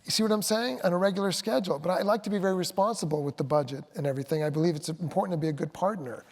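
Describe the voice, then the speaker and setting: A man's voice: high voice, rapid-fire. Rambling man in an echoing hall. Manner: rambling, self-correcting, animated storytelling. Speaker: film director. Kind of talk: onstage conversation. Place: auditorium stage. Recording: long hall reverb.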